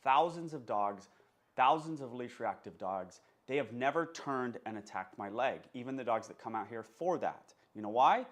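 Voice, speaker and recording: A man's voice: mid-range voice, animated, normal speed. A man, a dog trainer, giving an emphatic, unscripted talk and often stopping to check that his listeners follow. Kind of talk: casual instructional monologue.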